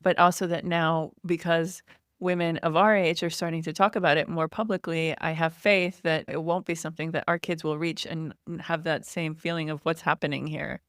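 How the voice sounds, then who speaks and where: Low-voiced woman with a gravelly edge. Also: steady tone, moderate pace, dry recording, studio quality. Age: 40s. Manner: chatty, laughs lightly while explaining. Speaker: podcast guest, online store founder. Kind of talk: casual interview chat.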